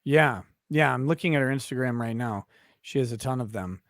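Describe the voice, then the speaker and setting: A man's voice: medium pitch, a little fast, fairly bright tone, no echo. Man, middle-aged, stream host, casual joking chat, dry close sound, restarts a lot. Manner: loose, joking, rambling with restarts.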